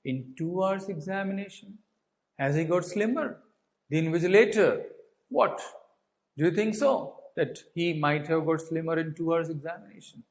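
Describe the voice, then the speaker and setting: A man's voice: fairly high pitch, normal speed, low-quality recording. A man with an Indian English accent teaching a class, explaining a story by asking questions and then answering them himself. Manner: asks and answers his own questions; restates points, fills with uh and so. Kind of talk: explaining a textbook story to students.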